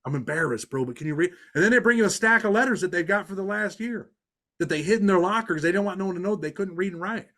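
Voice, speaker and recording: A man's voice: high-pitched, fast talker, a bit bright. Earnest New York man telling stories. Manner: street-talking, earnest, many "you know"s and restarts. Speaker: podcast guest. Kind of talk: storytelling in a podcast interview.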